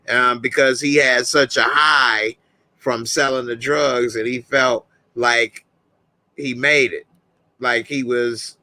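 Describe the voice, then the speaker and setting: A man hosting a relaxed live reaction stream, reading viewer ratings aloud at an unhurried pace. His voice is gravelly yet bright and forward. The sound is close and dry, with no room around it. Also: medium pitch, no echo. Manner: laid-back, reads viewer comments, repeats catchphrases. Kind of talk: casual live-stream chat.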